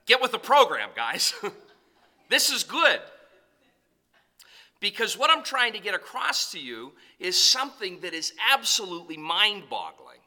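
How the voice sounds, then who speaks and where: Male preacher, high voice, very sharp tone, emphatic repetition, talks right to the congregation. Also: very animated, normal speed. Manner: emphatic, repeats key points; conversational with asides to the congregation. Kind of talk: sermon.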